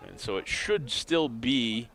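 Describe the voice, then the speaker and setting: A man's voice: medium pitch, lively intonation, takes it slowly, gravelly, a bit bright. A man calling a semi-pro football game play by play, with dry, wry asides about confused officiating. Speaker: play-by-play commentator. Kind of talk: sports commentary.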